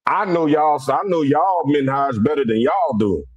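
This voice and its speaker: A middle-aged man from Cincinnati, hosting a casual livestream. His talk is blunt, animated and rough around the edges. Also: a little high, normal speed, no echo. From Cincinnati, USA. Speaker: livestream host.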